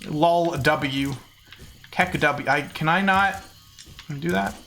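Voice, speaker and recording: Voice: mid-range voice, slow pace, gravelly, a bit bright. A game streamer chatting casually and jokingly with viewers while playing. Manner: self-mocking, jokey, talks to chat. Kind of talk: casual live-stream chat while gaming.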